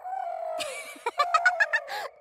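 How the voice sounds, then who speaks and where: A woman voicing a caring, gently teasing girl bear who looks after two boy cubs, in a 3D cartoon. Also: extremely high pitch, big pitch swings, unhurried, full character voice. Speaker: cartoon character. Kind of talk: 3D cartoon voice acting.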